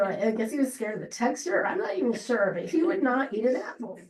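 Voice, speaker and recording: A woman's voice: on the high side, sing-song, crowd noise. Woman talking at a memorial, rambly, lots of ums, roomy faraway zoom audio. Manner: halting and rambling, many fillers and restarts. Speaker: friend giving a memorial tribute. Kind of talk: emotional unscripted memorial speech. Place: memorial gathering room. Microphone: distant laptop or room mic on a video call. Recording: roomy, distant video-call audio.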